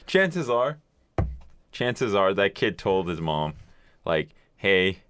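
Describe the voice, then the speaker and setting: A man's voice: lowish voice, very animated, slow pace, a bit bright, a little hiss or hum. A young man telling stories in a casual chat, swearing freely and laughing as he goes.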